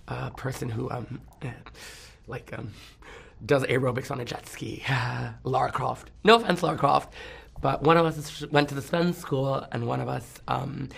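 A man's voice: medium pitch, gravelly, a bit bright, breathy edge. A man in casual celebrity gossip chat, campy and rambling, laughing often and breaking into song.

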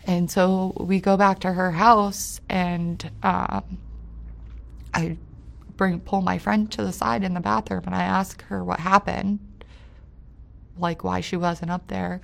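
Low, gravelly-voiced woman, halting. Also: flat delivery. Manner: halting, hesitant, many fillers and restarts; voice drops quiet on painful parts and rises with anger. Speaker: interview guest. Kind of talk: recounting a personal story.

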